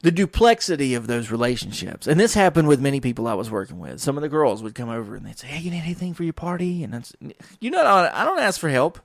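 A man's voice: mid-range voice, fast talker, creaky, hardly any pauses, no echo, studio quality. A man, a professional wrestler, telling rambling work stories in a casual monologue, acting out what others said. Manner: rambling, animated quoting of others.

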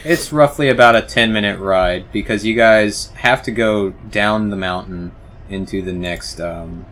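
A man running a tabletop game as game master, narrating in a relaxed way with many fillers. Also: lowish voice, measured pace, slight background noise.

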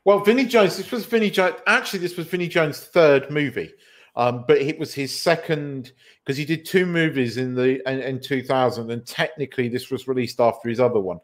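Male podcast host, mid-pitched, chatty and meandering, swears casually. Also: a little fast. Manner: rambling, self-correcting, swears casually. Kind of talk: casual film chat.

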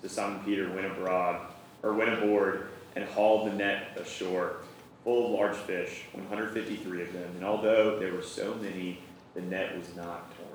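Low-voiced man reading scripture, echoey. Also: steady tone, moderate pace, a little hiss or hum. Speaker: scripture reader. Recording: very echoey, distant mic.

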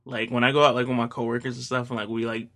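A man's voice: medium pitch, flat delivery, very fast, pushed and bright. A young man co-hosting a podcast in casual chat, rambling with lots of fillers and giggling. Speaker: podcast co-host.

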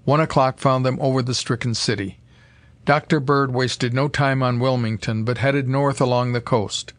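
Man, audiobook narrator, steady measured reading, middle pitch, dry close sound. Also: no echo. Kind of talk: scripted narration.

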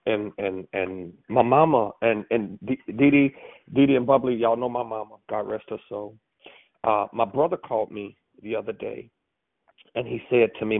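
A man, preaching as a pastor on a call line, animated and storytelling. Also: lowish voice, gravelly, dry recording. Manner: storytelling, animated, lively with asides. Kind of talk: sermon on a prayer call line. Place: phone call. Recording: tinny phone line, dry.

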